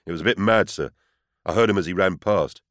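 A loyal, deferential houseman speaking up urgently, slightly higher than the narrator's deep voice, as a man plays him. The recording is dry and close. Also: brisk, a bit bright, dry recording. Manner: respectful, answers with sir.

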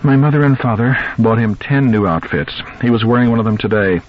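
A man's voice: mid-range voice, brisk, phone-quality sound, slight background noise, voice pushed up, natural voice. A man doing a tired, pleading mother. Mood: strained. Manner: pleading, anxious. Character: tired, fraught young mother.

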